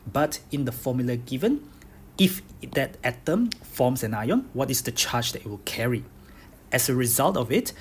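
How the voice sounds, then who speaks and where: A man's voice: mid-range voice, a little hiss or hum. Man giving a step-by-step chemistry lecture. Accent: Bruneian. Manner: explains step by step, repeats key points, says "okay?" often. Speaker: chemistry tutor. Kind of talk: recorded lecture over slides.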